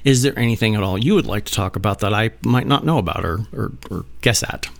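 A man hosts a podcast interview with eager enthusiasm, tripping over and repeating words. He talks quickly in a lowish voice. A gravelly fry runs through his speech. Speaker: podcast host, publisher. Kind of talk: casual interview.

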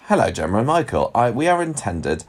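A man's voice: lowish voice, sing-song. A man co-hosting a podcast, bantering and joking in casual chat. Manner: jokey, quick banter. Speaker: podcast co-host.

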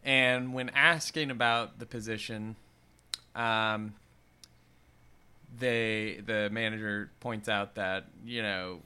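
A man co-hosting a casual podcast, retelling a film plot in an animated way and breaking into silly voices for the characters. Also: fairly low pitch, slow pace, smooth. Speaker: podcast co-host.

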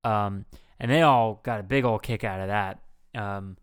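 A young man co-hosting a casual comedy podcast, swearing freely and veering between loud rants and mumbled asides. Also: on the low side, a little slow, clean tone, dry recording, studio quality. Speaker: podcast co-host.

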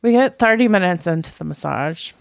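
A woman's voice: fairly low pitch, expressive, a little fast, creaky, no echo, studio quality. Exasperated woman telling a story. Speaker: podcast co-host. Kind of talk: casual storytelling chat.

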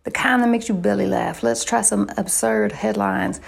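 Woman hosting a comedy bit, deadpan puns, lots of vocal fry. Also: mid-range voice, moderate pace. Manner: deadpan, punning. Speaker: comedy show host. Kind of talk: comedic banter.

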